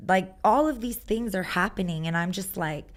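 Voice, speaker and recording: A woman's voice: mid-range voice, moderate pace. A woman, a musician and guest, chatting casually and animatedly, filling her talk with "like" and acting out what people said. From Texas. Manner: animated storyteller, lots of "like", acts out quotes. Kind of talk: casual chat.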